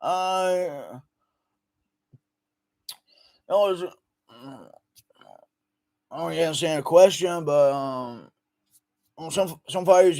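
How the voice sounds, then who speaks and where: A man's voice: fairly high pitch, a little mellow. A man doing an impression of a laid-back male fighter who mumbles and rambles at a press microphone. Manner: slurred, halting and rambling.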